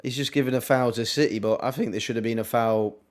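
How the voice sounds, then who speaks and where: A young man, casually commentating on a football match live for his stream, with wry asides and quick reactions. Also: mid-range voice, steady tone. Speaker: watchalong streamer.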